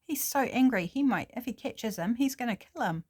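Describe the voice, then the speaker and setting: A woman's voice: medium pitch, very animated, a little fast, dark tone, natural voice. A woman voicing a flustered woman birdwatcher, exclaiming in alarm. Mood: panicked. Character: panicky middle-aged woman birdwatcher.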